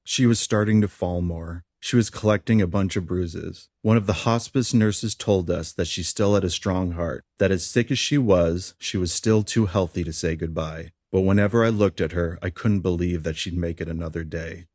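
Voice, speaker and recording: Casting: young man, very low voice, somber audiobook memoir reading, dry close mic. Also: moderate pace, hardly any pauses, a little mellow, no room sound. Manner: plain, somber storytelling. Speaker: memoir narrator.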